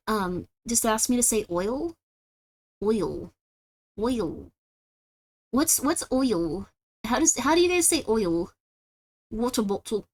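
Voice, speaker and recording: A livestream host with a Californian Valley Girl accent talks casually to her viewers in a fairly high voice. She rambles and drops "like" into nearly every sentence. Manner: says "like" constantly, chatty and rambling. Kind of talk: casual stream chat, reacting to viewers.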